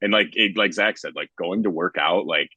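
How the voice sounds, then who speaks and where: A young man, a baseball pitcher, chatting casually on a podcast in a relaxed, rambling way with lots of filler words. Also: moderate pace, slightly rough, dry recording.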